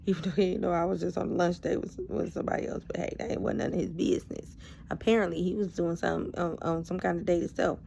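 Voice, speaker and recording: A woman's voice: fairly low pitch, quick pace, vocal fry, slight background noise. A woman vlogger casually telling a personal story, loose and conversational, full of asides. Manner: animated, acts out both sides of a past argument.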